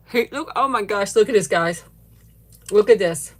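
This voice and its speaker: A woman's voice: mid-range voice, moderate pace. A middle-aged woman hosting a casual livestream, tasting a sweet and gushing thanks to viewers by name with frequent giggles. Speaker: livestream host. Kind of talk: casual live chat and food tasting.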